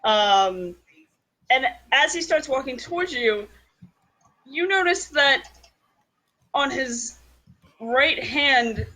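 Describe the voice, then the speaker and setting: Guy running a tabletop game, slow and bright, lots of ums. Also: very high-pitched, expressive, low-quality recording. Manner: unhurried, many fillers. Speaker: game master.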